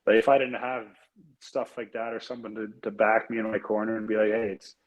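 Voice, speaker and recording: A man's voice: on the low side, level tone, a little fast, low-quality recording. A young man, a hockey player, recounting his story earnestly as an interview guest, with frequent fillers and repeated words. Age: young adult. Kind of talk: casual interview conversation.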